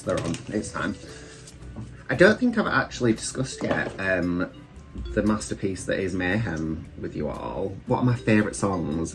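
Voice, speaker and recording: Low-voiced British man, chatty and rambling. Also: a little mellow. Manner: chatty, rambling, self-deprecating. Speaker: drag queen vlogger. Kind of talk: casual get-ready-with-me chat while doing makeup. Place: room at home. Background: faint background music.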